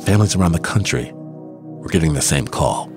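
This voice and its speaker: A man narrating a documentary in a measured, scripted storytelling manner. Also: low voice, music in the background.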